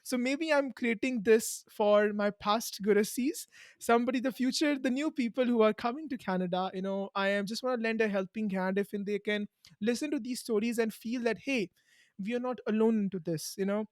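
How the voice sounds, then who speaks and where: A woman's voice: a little high, a little fast, darkish tone, dry recording, studio quality. A young woman podcast host with an Indian accent, answering a guest's question in an earnest, encouraging way and repeating key lines for emphasis. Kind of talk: conversational interview answer.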